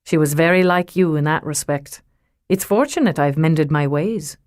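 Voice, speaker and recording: Suave rich man, read by a woman, faint Irish lilt, amused and unhurried, low and dry. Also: darkish tone, no room sound, lightly acted. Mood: amused, smooth. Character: suave wealthy man, teasing and self-assured. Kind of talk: audiobook character reading.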